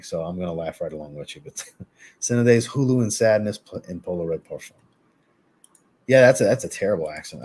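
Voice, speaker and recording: Low-voiced man chatting on a live stream. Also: husky. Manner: relaxed, chatty, answers live chat. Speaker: fragrance reviewer hosting a live stream. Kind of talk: casual live-stream chat.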